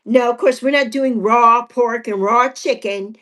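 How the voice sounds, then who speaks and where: A woman in her sixties hosts a casual livestream chat, reading out viewer comments, laughing often and repeating herself as she chats. Her voice is a little high and a bit bright, and she doesn't hurry.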